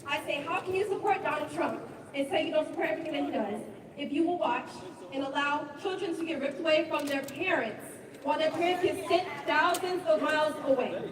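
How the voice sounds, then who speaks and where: A woman with a high voice gives an impassioned speech at an outdoor rally. She sounds nervous but pushes on forcefully. The recording is echoey and distant, with a crowd and street noise all around. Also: brisk. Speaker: protest speaker.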